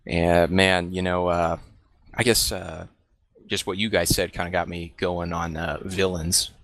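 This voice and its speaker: Deep-voiced man chatting casually. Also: measured pace. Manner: relaxed, many fillers and laughs. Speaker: podcast panelist. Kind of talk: casual discussion.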